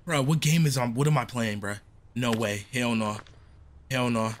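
A man's voice: medium pitch, moderate pace, slight background noise. A young man doing casual let's-play commentary, jumpy and slangy, exclaiming often. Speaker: gaming streamer.

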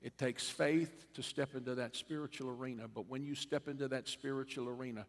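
A man preaching a sermon as a bishop, in a church sanctuary, with a preaching cadence that rises to loud repeated refrains. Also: mid-range voice, fairly even intonation, fairly quick, vocal fry. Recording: long reverb of a church hall.

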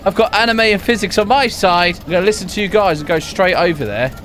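A young man giving jokey, excitable commentary over his own gameplay, laughing often. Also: high voice, fast, faint music behind. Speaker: gaming YouTuber.

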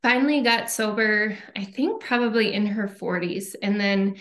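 A woman's voice: mid-range voice, moderate pace, a bit bright. A woman from Minnesota with a Minnesotan accent, a podcast guest telling her family story in a chatty way with frequent ums. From Minnesota, USA. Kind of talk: casual interview conversation.

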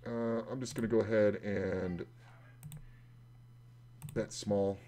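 Brief: deep-voiced man, relaxed poker streamer narrating his hands from his home desk, faint hum behind. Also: slow pace. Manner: relaxed, chatty, sometimes swearing. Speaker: online poker player streaming his session. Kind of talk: casual running commentary while playing.

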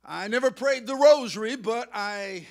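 A male pastor preaching a sermon in a church, emotional and excitable, rising to loud outbursts. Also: high-pitched, normal speed. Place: church sanctuary.

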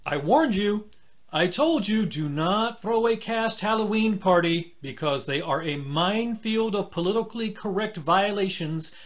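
Comedy host: exasperated man, scolding his crew, high-pitched voice. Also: expressive, measured pace. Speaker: show host.

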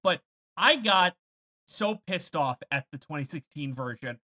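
A woman's voice: low voice, lively intonation, a little slow, pushed and bright. A woman co-hosting a podcast, speaking emphatically and swearing a lot in a casual chat. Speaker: podcast co-host.

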